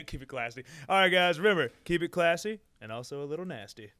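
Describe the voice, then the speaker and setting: A man co-hosting a podcast in casual chat, dry and quick to shoot down ideas, with a laugh. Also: on the high side, lively intonation, pushed and bright, smooth, dry recording. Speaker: podcast co-host.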